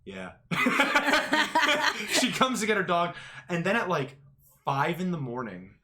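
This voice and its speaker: Guest, woman, bright voice, lively pitch, energetic storyteller. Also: slow. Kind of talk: casual chat.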